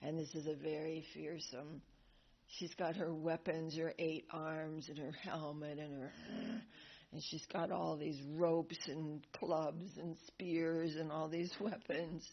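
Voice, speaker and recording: A woman's voice: deep voice, flat delivery, slow pace, lo-fi sound. A woman teaching a devotional class, retelling a sacred story animatedly with laughs and acted voices.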